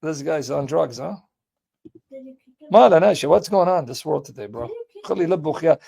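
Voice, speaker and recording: A man's voice: a little high, animated, moderate pace, vocal fry, warm tone, breathy edge. A man hosting a live call-in debate stream, talking in a blunt, joking, casual way.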